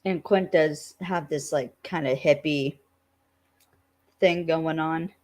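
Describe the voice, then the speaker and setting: Casting note: woman podcast co-host, low-pitched and unhurried, animated storyteller who acts out quotes. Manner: animated retelling with acted quotes and laughter. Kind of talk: casual recap chat.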